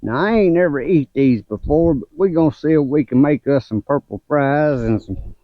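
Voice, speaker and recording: A man's voice: lively intonation, normal speed, dry recording, dull audio. An older man tells folksy stories about his grandkids on a casual gardening vlog, laughing between stories. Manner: folksy, laughs between stories, raises pitch when telling the story. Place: outdoors in a garden.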